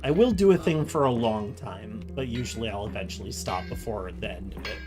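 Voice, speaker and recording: A streamer chatting casually while playing a survival game, laughing often and tossing in quick quoted asides. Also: mid-range voice, animated, loud music behind the voice. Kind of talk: casual gaming chat.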